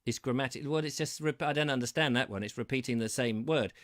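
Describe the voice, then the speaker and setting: With a mid-range, fairly bright voice and a quick pace, the English host chats on his live-streamed comedy show from a terraced house. He reads out viewer comments, rambles, and trips playfully over tongue twisters.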